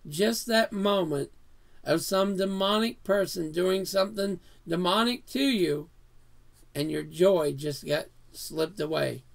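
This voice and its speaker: Male preacher, high voice, unhurried delivery, earnest sermon with scripture reading. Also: creaky. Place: house of worship.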